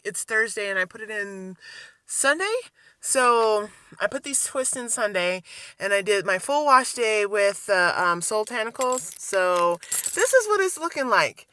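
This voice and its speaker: A woman's voice: medium pitch, sharp tone, a little hiss or hum. A young woman vlogging a casual rant from her car, chatty and rambling with frequent ums and laughs, talking to a phone camera. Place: in a parked car. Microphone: phone camera held or set down.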